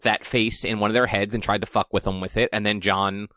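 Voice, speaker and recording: A man's voice: on the low side, steady tone, a little fast, pushed and bright, dry recording, studio quality. A young man co-hosting a podcast in casual chat, rambling and searching for words with many ums. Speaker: podcast co-host.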